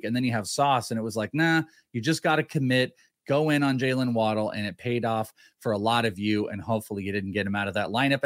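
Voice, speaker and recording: A man's voice: mid-range voice, dry recording, clean studio sound. A man co-hosting a fantasy football podcast, joking around in casual banter and reading ad copy. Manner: joking, excitable, reads ad copy. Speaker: podcast co-host.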